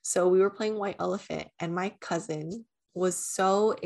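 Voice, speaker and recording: A woman's voice: on the low side, measured pace, creaky. Young woman podcast cohost, chatty storytelling, says like a lot, swears. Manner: animated storytelling with frequent "like" and swearing. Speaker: podcast co-host. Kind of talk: casual chat.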